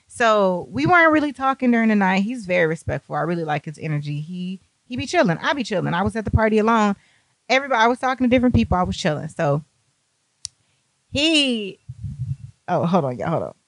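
Animated young woman telling a party story. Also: medium pitch, quick pace, dry recording. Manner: animated, profane, acts out quotes. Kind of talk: casual storytime.

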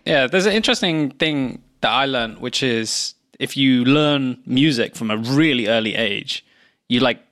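A man's voice: mid-range voice, animated, unhurried, a bit bright. A young man co-hosting a podcast in casual chat, easygoing, full of fillers and dry jokes. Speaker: podcast co-host.

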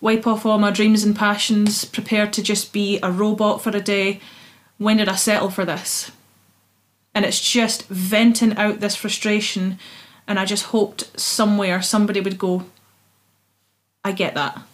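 A woman's voice: mid-range voice, flat delivery, measured pace. A young Scottish woman, a singer-songwriter, chatting expressively as a guest in an interview and laughing easily. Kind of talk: casual interview chat.

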